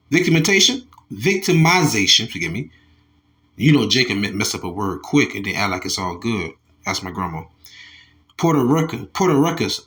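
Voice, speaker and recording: A man's voice: mid-range voice, bright, forceful tone. A man from the States, reading a news article aloud and commenting on it with Bible verses. He talks animatedly, restarts and repeats words, and calls his listeners y'all. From Southern United States. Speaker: religious commentator.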